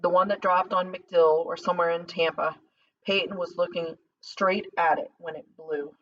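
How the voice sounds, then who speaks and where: A woman voicing a terse, steady ex-soldier. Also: on the low side, normal speed. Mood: urgent. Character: steady grown man, ex-soldier, urgent. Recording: slightly distant dull lo-fi recording.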